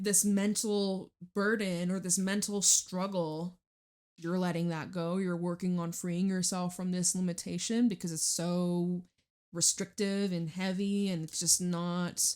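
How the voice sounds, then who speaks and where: A woman's voice: lowish voice, darkish tone. A woman giving a casual tarot reading in a chatty, laughing way, full of fillers. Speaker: tarot reader.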